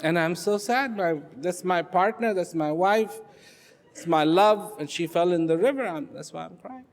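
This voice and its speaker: A man's voice: sits high, normal speed. Guy doing a simple honest woodcutter, plainspoken, pleading, big echoey hall. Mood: sad. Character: humble honest male woodcutter, simple and earnest. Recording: long hall reverb.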